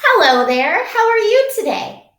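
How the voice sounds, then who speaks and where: A woman's voice: very high voice, big pitch swings, measured pace, fairly bright tone, roomy sound, voice pushed up, heavily acted. A woman acting as a cheerful pretend restaurant server, greeting and serving a customer with overly polite, sing-song lines.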